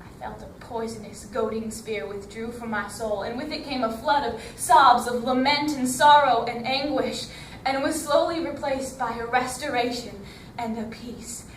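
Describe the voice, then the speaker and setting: A woman's voice: a little high, normal speed, far from the mic, a little hiss or hum. Woman telling a story in an echoey hall. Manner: emotional, theatrical narration. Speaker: storytelling competitor. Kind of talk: dramatic first-person storytelling.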